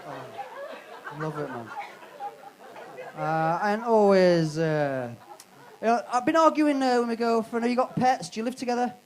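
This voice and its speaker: High-voiced brash comic. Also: male voice, measured pace, pauses often, a faint crowd, rough recording. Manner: brash and swearing, teasing the audience. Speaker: stand-up comedian. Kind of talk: live stand-up with crowd work. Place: comedy club stage.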